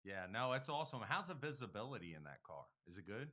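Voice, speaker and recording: A man's voice: mid-range voice, sing-song, quick pace, bright, forceful tone. A man hosting a casual talk show, telling rambling, profane stories. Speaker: podcast host. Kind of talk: casual chat.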